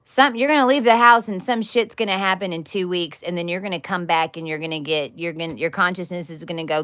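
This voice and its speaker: A woman's voice: on the low side, fast talker, hardly any pauses, a bit bright, smooth. A woman giving a casual teaching talk to her followers, blunt and emphatic, swearing freely and repeating words in bursts. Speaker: spiritual teacher.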